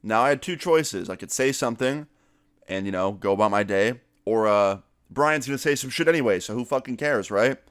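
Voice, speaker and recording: A young man telling a story on his vlog in a casual, animated way, swearing freely and raising his voice to act out what others said. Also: medium pitch, brisk, clean tone, no room sound, clean studio sound. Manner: animated, swearing, acts out quotes in raised voice. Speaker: vlogger telling a story time.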